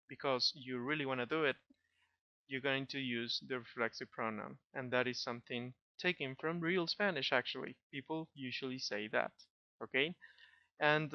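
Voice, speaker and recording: A man's voice: mid-range voice, clean tone, dry recording. A male language teacher explaining grammar patiently, often stopping to check with "okay?", in a slightly dull lo-fi recording. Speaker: Spanish teacher.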